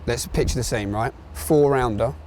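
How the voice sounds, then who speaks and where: A man's voice: medium pitch, moderate pace, a little mellow, a little hiss or hum. A man hosts a boxing studio show in an easy, casual way. He asks playful, jokey questions and banters with his guests. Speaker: host. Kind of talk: casual interview chat.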